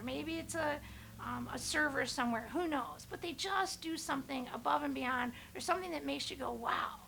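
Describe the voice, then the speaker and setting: Woman podcast host, high bright voice with some gravel, excitable storyteller, faint hum behind.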